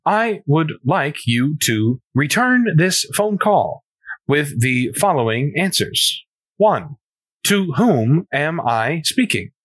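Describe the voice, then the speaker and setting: A man voicing a snarky, newly made male robot who speaks slowly and formally, like a telemarketer. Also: on the high side, very animated, a bit bright, breathy edge, no echo, exaggerated voice. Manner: slow, formal, telemarketer-like delivery. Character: snarky newborn male robot, stiffly polite.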